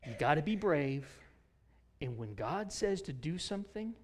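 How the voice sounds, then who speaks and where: A man preaching a sermon in a fairly high voice. He retells the story with lively energy, rising loud on key points and dropping to a near whisper on others. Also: unhurried. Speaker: pastor.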